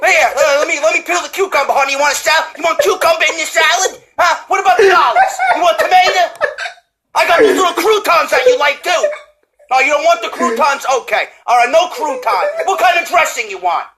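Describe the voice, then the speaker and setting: A man's voice: very high voice, animated, brisk, background noise. A man playing a flustered, defensive guy who fusses and bickers over a salad he is serving. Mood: fussing.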